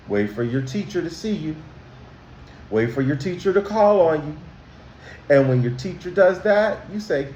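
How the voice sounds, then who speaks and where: A man, a school counselor, teaching children about manners in a slow, emphatic way, asking them questions directly. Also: fairly high pitch, lively intonation, darkish tone, reverberant, slight background noise.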